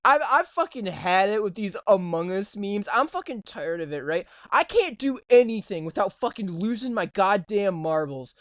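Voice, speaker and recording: A man's voice: high-pitched, big pitch swings, normal speed, hardly any pauses, a bit bright, no room sound. A young adult man co-hosting a casual gaming podcast, swearing freely and ranting with repeated "right?". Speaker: podcast co-host.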